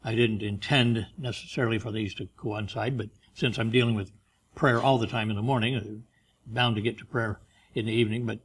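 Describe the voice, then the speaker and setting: A man preaching a sermon, pressing key phrases slowly and loudly, then dropping quiet for stories. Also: lowish voice, steady tone. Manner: emphatic, slows and rises on key phrases, drops soft for stories.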